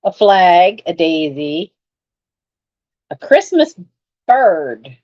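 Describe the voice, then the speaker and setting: A woman's voice: lowish voice, sing-song, very slow, lo-fi sound. A woman selling collectibles online, chatting casually as she unboxes her finds and exclaims over them. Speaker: online reseller hosting a live sale. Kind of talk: casual chat while unboxing.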